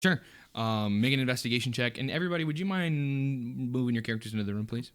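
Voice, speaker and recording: A man running a tabletop game as game master, describing scenes in a relaxed, loose way with many pauses. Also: mid-range voice.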